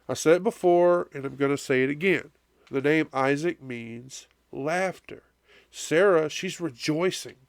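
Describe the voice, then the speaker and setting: Male pastor, congested and coughing, gravelly and unhurried, dry close sound. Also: on the high side, dry recording. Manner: conversational preaching with frequent "right?" asides. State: congested, coughing and blowing nose. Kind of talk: sermon.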